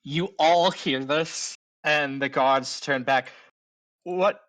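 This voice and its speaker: Bright-voiced man running a tabletop game. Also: fairly high pitch, slow, no room sound, low-quality recording. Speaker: game master.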